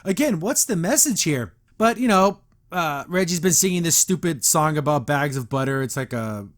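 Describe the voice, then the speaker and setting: A man's voice: a little high, animated, normal speed. A man hosting a podcast, recapping a show episode in a rambling, exasperated, casual way with many fillers and restarts. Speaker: podcast host.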